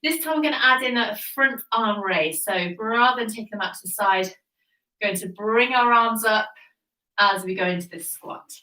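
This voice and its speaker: A woman leading a Pilates workout, cueing each move calmly and encouragingly, a little out of breath as she exercises along. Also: a little high, normal speed, far from the mic. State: slightly out of breath. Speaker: Pilates instructor. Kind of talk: guided workout instruction. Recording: echoey room, voice off-mic.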